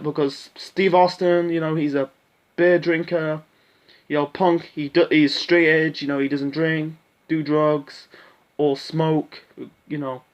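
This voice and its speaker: A man's voice: sits high, highs cut off. A man giving a casual, profane show recap rant, blunt and full of fillers like "you know". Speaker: wrestling commentator.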